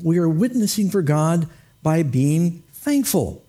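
A man's voice: on the high side, very animated, slow, dark tone. A man preaching a sermon as pastor, folksy and humorous, with light laughs and quoted asides.

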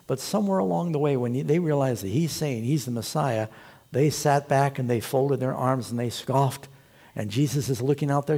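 A man preaching a sermon as pastor, telling the story with animated, storytelling delivery. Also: mid-range voice, vocal fry, breathy edge.

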